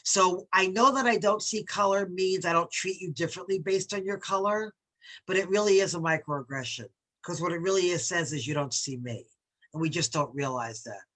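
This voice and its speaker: A woman's voice: on the low side, brisk, fairly bright tone. A woman from New York leading a workshop on bias, talking conversationally and reading quotes aloud with emphasis. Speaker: diversity workshop presenter.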